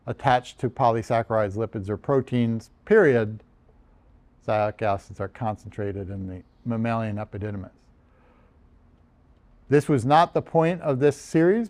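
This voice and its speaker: American guy giving a relaxed slide lecture on writing, lots of ums, a bit self-deprecating. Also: medium pitch. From United States. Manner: conversational, self-deprecating, many ums and restarts. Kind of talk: recorded lecture over slides.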